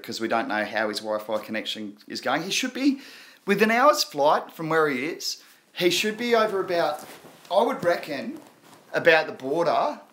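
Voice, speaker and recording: A man's voice: mid-range voice, fairly bright tone. A man in his thirties with an Australian accent, hosting a casual live stream and chatting loosely with viewers. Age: 30s. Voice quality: laid-back, slangy, frequent laughs. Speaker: crypto livestream host.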